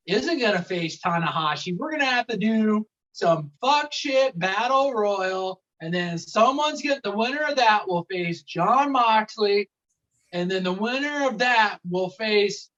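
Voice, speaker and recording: A man's voice: high voice, fairly bright tone. A man on a casual wrestling podcast, ranting with lots of swearing. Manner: profane, rambling rant. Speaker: podcast co-host. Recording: dull sound, a bit off-mic.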